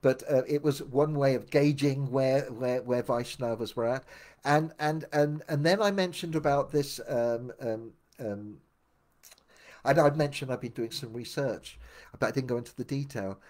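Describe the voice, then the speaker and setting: An older man telling his memoir aloud, meandering with many restarts and dropping quieter for asides. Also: moderate pace. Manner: meandering, full of restarts, drops low for asides. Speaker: memoir narrator. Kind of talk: rambling spoken memoir storytelling.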